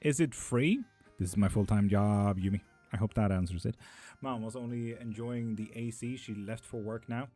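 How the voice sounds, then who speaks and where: A young man with a lowish, mellow voice hosts a casual live stream from home, giving tarot readings. Speaking at normal speed with faint music behind him, he reads chat aloud and banters with loose, foul-mouthed humor.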